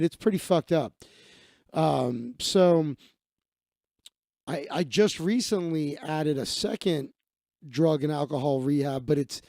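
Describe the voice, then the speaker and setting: A man's voice: medium pitch, creaky, mellow, no echo, clean studio sound. A man hosting a live stream, telling a casual story with lots of restarts and swearing. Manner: rambling, profane, many restarts and fillers. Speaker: live-stream host, magician.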